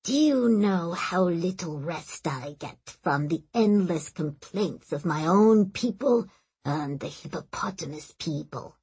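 An ancient crocodile god, grumpy and tired of being woken, as a woman reading an audiobook puts him on. He drags out each word very slowly in a low, breathy, husky voice. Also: lively intonation, darkish tone, full character voice. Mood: complaining. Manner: slow, weary and complaining. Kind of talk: audiobook narration.

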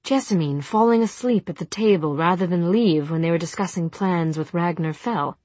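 A woman giving a measured audiobook narration of a novel. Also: on the low side, darkish tone, no echo. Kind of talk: scripted narration.

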